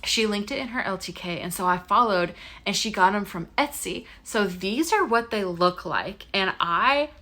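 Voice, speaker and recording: Bright-voiced chatty young woman vlogger. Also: medium pitch, animated, normal speed, few pauses. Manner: chatty, many filler likes and ums. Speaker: lifestyle vlogger. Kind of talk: casual chat to camera. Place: bedroom at home.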